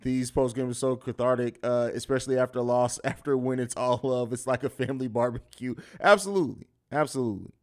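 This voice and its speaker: A man's voice: medium pitch, completely flat delivery, fast talker, hardly any pauses, a little mellow. A man hosting a live post-game sports podcast, reading chat comments and answering them in a combative, mocking, trash-talking way. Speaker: podcast host.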